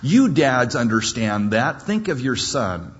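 A man's voice: medium pitch, sing-song, takes it slowly, dull audio. A man preaching a sermon with dramatic storytelling and jokes.

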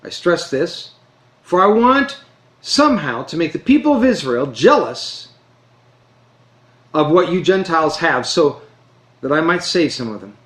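A man preaching a sermon, earnest and emphatic, slowing down to stress key phrases. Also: a little high, sing-song, a bit bright. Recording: roomy echo.

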